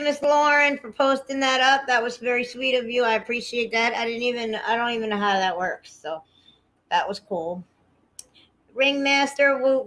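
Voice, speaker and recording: A woman's voice: fairly high pitch, fairly bright tone. A woman hosting a casual livestream, chatty and profane, greeting viewers by name as she tells stories. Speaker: livestream host.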